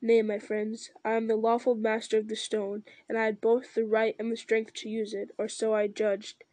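A woman's voice: a little high, little pitch movement, dark tone, no echo, close to an everyday voice. A woman reading as a grave, weary ranger-king. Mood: solemn. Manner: measured, solemn reading with slips and restarts.

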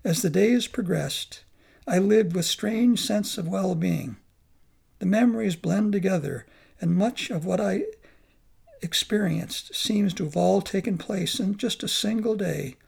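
A man narrating a memoir in a measured, reflective reading. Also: high voice, gravelly, a little mellow, slightly rough.

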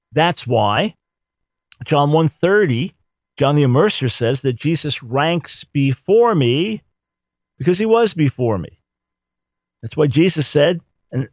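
A man's voice: mid-range voice, a little mellow, no echo. A man giving an emphatic theology teaching talk, repeating words to drive points home. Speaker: Bible teacher.

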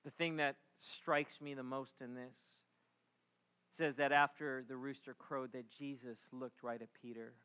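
A middle-aged man preaching a sermon, telling a story with animated delivery and acting out the voices before dropping to a hushed, reflective tone. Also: mid-range voice, a little slow, smooth. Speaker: pastor.

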